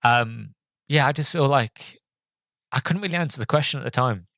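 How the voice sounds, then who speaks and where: A man hosting a podcast, talking through a movie review in a halting, hesitant way with many fillers, audibly choked up and emotional. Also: mid-range voice, vocal fry, bright, forceful tone, no room sound. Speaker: podcast host.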